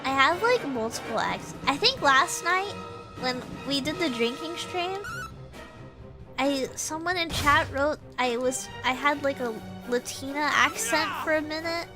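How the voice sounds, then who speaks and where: A chatty woman streamer with a Texas accent, her voice sitting a bit high. She laughs often and answers chat while talking over clearly audible game music. Her nose sounds a little stuffy. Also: lively intonation, measured pace. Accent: Texan. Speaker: VTuber streamer. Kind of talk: casual live-stream chat.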